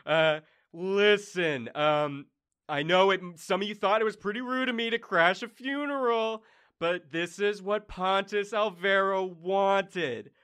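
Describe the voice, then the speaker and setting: A man voicing a flamboyant, party-loving male god of bliss who talks loud and breezy. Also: fairly high pitch, normal speed, clean tone, pitched above the performer's own voice. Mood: exuberant.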